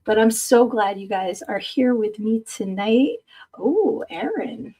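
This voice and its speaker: A woman's voice: medium pitch, steady tone, measured pace, dark tone. A woman in her fifties hosting a live-streamed podcast, chatting casually with viewers in a rambling way, laughing easily and tired from little sleep. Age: 50s. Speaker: podcast host.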